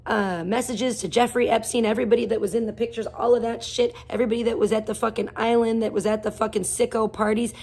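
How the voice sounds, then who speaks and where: A woman streaming live, her voice husky with a breathy edge. She rants bluntly and profanely, rambling from one grievance to the next. Now and then she breaks off to greet viewers in chat. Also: a little high, steady tone, fast, hardly any pauses, darkish tone. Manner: greets chat viewers by name mid-rant. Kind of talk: casual ranting livestream chat.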